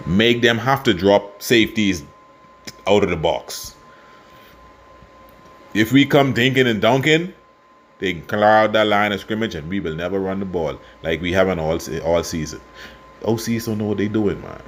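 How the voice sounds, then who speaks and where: A Bahamian man giving casual football commentary and predictions, passionate and quick to get worked up. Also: fairly low pitch, expressive. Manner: passionate, gets worked up and loud. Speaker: sports fan vlogger.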